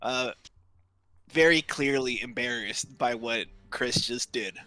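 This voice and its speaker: A man playing a tabletop role-playing game, telling his part with animated storytelling and frequent laughs. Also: medium pitch, slow. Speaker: player.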